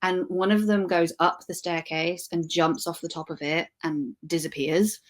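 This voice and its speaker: Woman, thirties, lowish voice, chatty book talk, self-correcting. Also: fairly even intonation, normal speed. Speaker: podcast co-host. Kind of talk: casual book chat.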